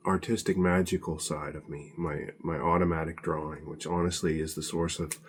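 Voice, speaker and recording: A man's voice: low-pitched, slightly rough. A man giving a casual spoken presentation, hesitant with many fillers and restarts, slightly out of breath as he gets over an illness.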